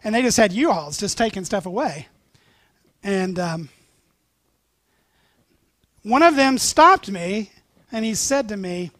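A man preaching a sermon as pastor, animated and joking, telling stories. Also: sits high, takes it slowly, long pauses, no room sound, clean studio sound.

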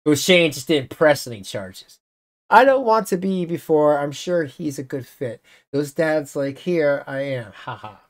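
Host, mid-pitch, unhurried delivery; reads messages aloud and cuts in with sarcastic, exasperated asides. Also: lively intonation. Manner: exasperated, sarcastic remarks between readings. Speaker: channel host reacting to messages. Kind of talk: casual commentary reading messages aloud.

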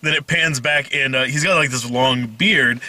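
A man's voice: medium pitch, normal speed, pushed and bright, no echo. A man co-hosting a casual movie review chat, making wry, profane asides. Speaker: podcast co-host.

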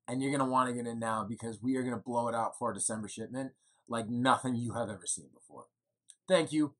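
A man's voice: medium pitch, bright, forceful tone. A man in his thirties giving a chatty, rambling video update from indoors, with fillers and self-deprecating jokes. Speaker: winery co-owner giving updates. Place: indoors at home in the evening.

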